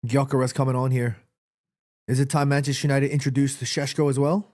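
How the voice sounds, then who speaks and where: A man commentating live on a football match for his stream, reacting excitedly and shouting at players. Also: medium pitch, no echo, clean studio sound. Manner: repeats himself, quick restarts. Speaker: watchalong streamer.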